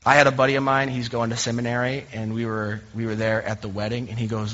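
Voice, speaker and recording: A man's voice: medium pitch, monotone, quick pace, hardly any pauses, a bit bright. A young adult man preaching a sermon as a pastor, telling humorous, self-deprecating stories in a conversational way. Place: church sanctuary. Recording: dull recording in a reverberant hall.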